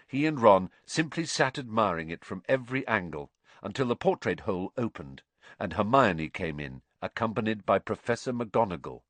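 A middle-aged man with a lowish voice reads an audiobook in a measured, expressive style. His intonation rises and falls widely, and the recording is dry and close. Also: no room sound. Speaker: narrator. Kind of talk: audiobook narration.

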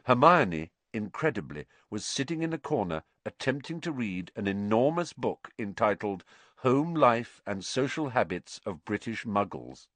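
Brief: male audiobook narrator; animated, dramatic reading, dry close mic. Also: lowish voice, moderate pace, no echo. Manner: expressive, dramatic storytelling.

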